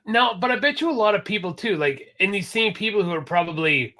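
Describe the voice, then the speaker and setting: Animated, bright-voiced male podcast co-host. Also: high voice, brisk. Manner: animated, loud impressions, swears freely. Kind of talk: casual podcast chat.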